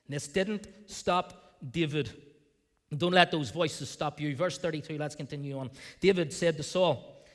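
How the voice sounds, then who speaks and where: A male pastor preaching a sermon in a church, animated, acting out the voices of the people in the scripture. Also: fairly high pitch, unhurried, big-room sound. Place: church sanctuary.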